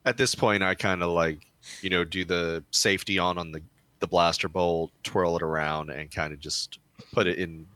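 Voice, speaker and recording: A man playing a tabletop role-playing game, deliberate and asking about the rules. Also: sits low, fairly even intonation, pushed and bright, smooth, dry recording. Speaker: player. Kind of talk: casual role-play.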